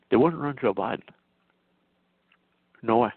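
A man's voice: fairly low pitch, moderate pace, vocal fry, dry recording. A male host giving an insistent political commentary monologue, full of stammering restarts. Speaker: talk show host. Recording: dry tinny phone-like sound.

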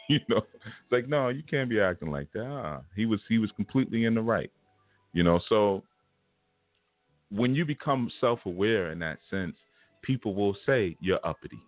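Deep-voiced new guy teaching, blunt street talk, sounds like it's coming through a phone with faint music under it. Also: lively intonation, moderate pace, pauses often, no echo, narrow, tinny audio. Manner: blunt and streetwise, with frank slang. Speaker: spiritual teacher. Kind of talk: casual spoken lesson with personal story.

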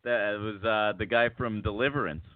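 A man's voice: on the low side, moderate pace, no echo. A man hosting a casual podcast, asking his guests questions in a joking, teasing way. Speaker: host. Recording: dry phone-like sound.

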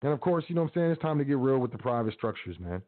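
A man's voice: medium pitch, very animated, very fast. Man preaching casually over a tinny line. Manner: casual, preachy, repetitive urging. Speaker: podcast host. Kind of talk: motivational talk. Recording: tinny phone-like audio.

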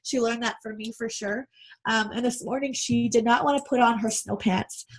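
A Canadian woman, a mother who owns a business, appears as a guest on a casual podcast. Her voice sits on the high side, steady and moderately paced, and she speaks candidly and earnestly.

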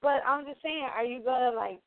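A woman's voice: high voice, fairly quick, dry recording. A woman hosting a talk show, asking teasing questions in casual banter. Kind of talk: casual chat. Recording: dry, phone-like sound.

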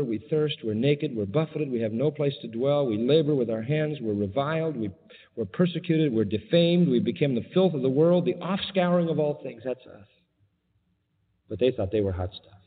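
Animated preacher on a tinny, echoey line. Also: male voice, breathy edge. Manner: emphatic, sarcastic quoting with big pitch jumps. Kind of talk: sermon.

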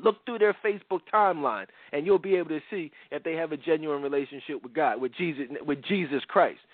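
A middle-aged man hosting a radio talk show, preaching in a casual, animated way. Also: a little high, fairly quick, no echo. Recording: dry phone-like radio sound.

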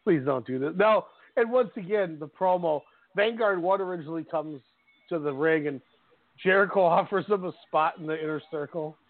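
A man co-hosting a podcast in casual chat, telling stories in an animated way and often laughing. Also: high voice, moderate pace, no room sound. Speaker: podcast co-host. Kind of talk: casual chat about wrestling. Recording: tinny phone-like line, dry.

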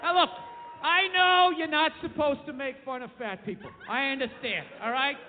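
High voiced guy doing a loud sweary stand-up rant, tinny recording w/ long echo. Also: moderate pace, a little hiss or hum. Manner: brash, profane rants that build to shouting. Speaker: stand-up comedian. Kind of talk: stand-up comedy set. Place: comedy club stage. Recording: tinny, phone-like club recording with long reverb.

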